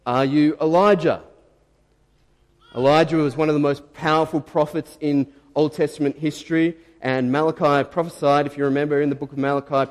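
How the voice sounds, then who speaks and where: Male pastor, slightly high voice, lively storytelling sermon, hall reverb. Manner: animated storytelling, acting out quotes. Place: church.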